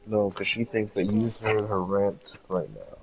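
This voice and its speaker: A man's voice: fairly low pitch, steady tone, unhurried, dull audio, noisy background. A man in a casual chat, curt and dismissive. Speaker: chat participant.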